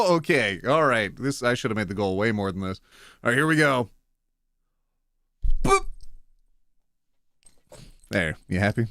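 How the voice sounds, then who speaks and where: A man chatting casually on a live stream, playful and quick to laugh as he thanks viewers. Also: mid-range voice, very animated, creaky, pushed and bright, clear, resonant tone, no room sound, studio quality. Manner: playful, reads donations aloud, laughs often.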